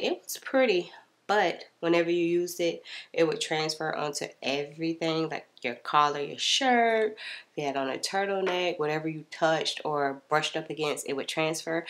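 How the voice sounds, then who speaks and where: A woman with a stuffy, congested voice chatting casually to her viewers while she narrates a makeup tutorial voiceover. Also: on the low side. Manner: chatty, relaxed, addresses viewers as y'all. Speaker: beauty vlogger.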